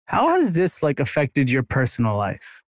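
A man hosting a podcast, talking in a relaxed, friendly way. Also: medium pitch, moderate pace, dry recording, studio quality. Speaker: podcast host. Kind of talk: casual podcast interview.

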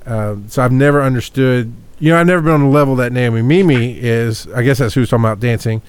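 A man's voice: mid-range voice, fast, clear, resonant tone, no room sound. Earnest man musing openly. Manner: earnest, reflective, many restarts. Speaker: talk show host. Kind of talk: casual group discussion.

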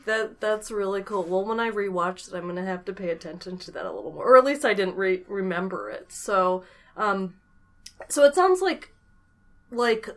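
Podcast host: woman, mid pitch, chatty and easygoing. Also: lively intonation, normal speed. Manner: chatty, laughs easily. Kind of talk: podcast interview.

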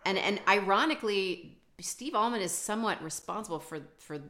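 A woman's voice: medium pitch, animated, fairly quick, a bit bright. A woman author talking casually in a podcast conversation, chatty and self-deprecating, with many restarts and fillers. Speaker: author guest.

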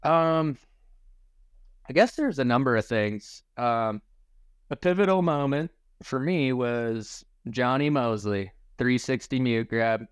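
A relaxed man in his forties, raised in Michigan, recalls his past in an easy, rambling way, dropping casual swears and calling people dude. His voice is smooth and clean, and the sound is dry and close. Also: mid-range voice, slow pace, no echo. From Michigan, USA. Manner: laid-back, swears casually, says dude and bro. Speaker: podcast guest, skier. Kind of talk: casual storytelling chat.

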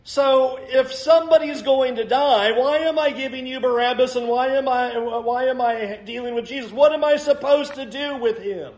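A preacher putting on an exasperated Roman governor. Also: male voice, very high-pitched, normal speed, hardly any pauses, a little mellow, voice pushed up. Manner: incredulous, questioning, pleading. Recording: roomy echo.

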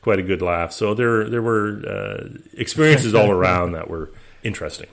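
A man, guest of an interview, telling his voyage stories in a relaxed, anecdotal way with many restarts. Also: on the low side, normal speed, vocal fry. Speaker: interview guest, expedition skipper. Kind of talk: relaxed storytelling.

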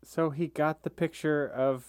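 A man's voice: on the high side, fairly even intonation, a little slow, a little mellow, smooth, no room sound, studio quality. A man co-hosting a comedic podcast, answering the story with wry, sarcastic quips. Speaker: podcast co-host reacting. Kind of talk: casual comedic podcast chat.

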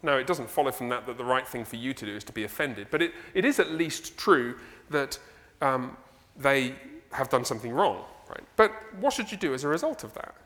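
A man with an English accent preaching a sermon as pastor, animated and conversational, full of rhetorical questions. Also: mid-range voice, a little fast, hardly any pauses, big-room sound. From England. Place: church sanctuary.

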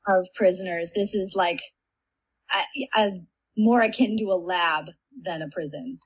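A woman's voice: lowish voice, unhurried, slightly rough, rough recording. A woman playing a tabletop game, thoughtful and hedging with fillers. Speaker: player.

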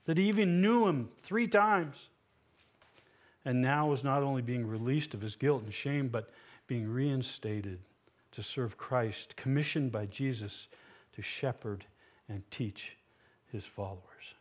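With measured delivery, a man gives a sermon as pastor, his tone earnest and forceful. Rhetorical questions punctuate it, and solemn moments bring his voice down low and quiet.

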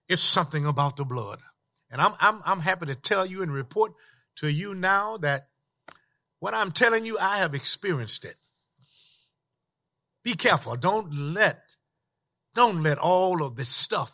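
A middle-aged man preaching a sermon with impassioned, repetitive cadence, swinging from loud declarations to hushed lines. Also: high voice, expressive, a little slow, pauses often.

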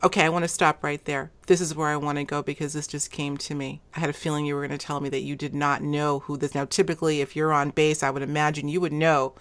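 Low-voiced female interviewer. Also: level tone, fast, few pauses. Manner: probing, thinks aloud.

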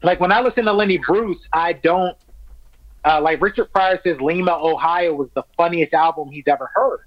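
High-voiced laid-back comic on a dull line. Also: male voice, moderate pace, dry recording. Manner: laid-back and enthusiastic, peppered with "man" and "like". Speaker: stand-up comic, podcast guest. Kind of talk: casual podcast chat.

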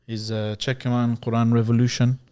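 A man co-hosting a relaxed podcast conversation. His voice sits in a middling range, and he talks in an easygoing, chummy way, often trailing off into fillers. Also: medium pitch, brisk, clean tone. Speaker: podcast host. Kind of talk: casual chat.

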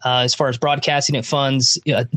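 A man's voice: mid-range voice, little pitch movement, a little fast, fairly bright tone, dry recording. A man talking casually on a podcast about an event he organizes, chatty and often restarting his sentences.

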